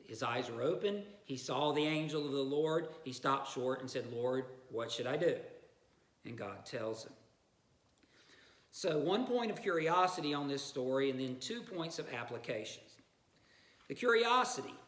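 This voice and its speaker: A man's voice: fairly high pitch, very animated, normal speed, fairly bright tone. A man, a pastor, preaching a sermon in a conversational storytelling way, with asides to his listeners. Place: church. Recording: echoey room.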